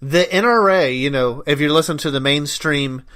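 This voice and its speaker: A man's voice: fairly high pitch, normal speed, fairly bright tone. A man co-hosting a talk radio show, speaking bluntly with hesitant starts. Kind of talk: casual talk radio commentary.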